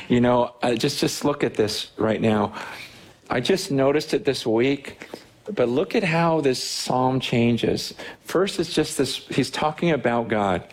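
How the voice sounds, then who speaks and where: A pastor preaching to his church, earnest and animated, often repeating words as he builds. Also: medium pitch, measured pace. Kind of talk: sermon. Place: church hall.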